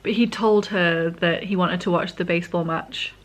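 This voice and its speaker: A woman's voice: on the low side, steady tone, moderate pace. A woman, casually recapping a manga in a rambling, chatty way, sometimes correcting herself and eating as she talks. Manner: eating while talking. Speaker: vlogger.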